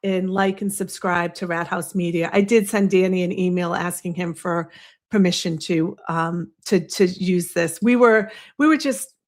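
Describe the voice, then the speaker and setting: A woman from the US East Coast with a Boston accent and a lowish voice hosts a casual livestream from home at a normal pace, a snowy window behind her. She rambles and chats into a desk microphone, making asides to her viewers.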